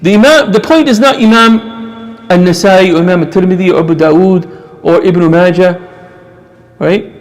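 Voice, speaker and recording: Man, high-pitched voice, fervent religious lecturer, repeats phrases for emphasis. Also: darkish tone.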